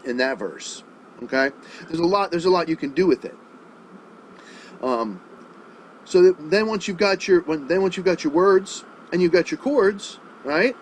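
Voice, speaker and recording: On a low-quality recording with a little hiss or hum, a high-voiced man teaches songwriting over a video call. The music teacher is relaxed and foul-mouthed, checking often that his student understands.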